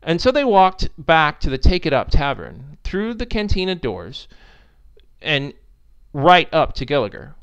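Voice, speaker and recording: A man narrating a story in an expressive, animated reading style. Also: fairly high pitch, smooth.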